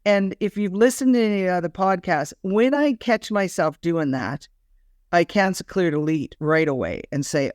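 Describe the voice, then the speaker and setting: A woman co-hosting a spiritual wellness podcast in unscripted chat, animated and often restarting her sentences. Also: on the low side, normal speed, no room sound, clean studio sound. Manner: animated, frequent self-restarts. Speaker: podcast co-host.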